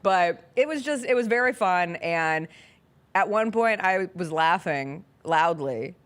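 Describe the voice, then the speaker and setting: A woman's voice: on the low side, expressive, measured pace, smooth. A woman hosting a sports talk show, chatting casually and animatedly, laughing often. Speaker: sports radio show host. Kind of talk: casual chat.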